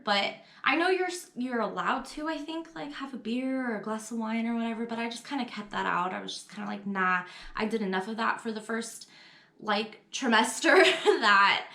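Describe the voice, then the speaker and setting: A young adult woman telling her own story to the camera in a candid, chatty vlog, full of fillers and quick laughs. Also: mid-range voice, pushed and bright, reverberant. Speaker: vlogger.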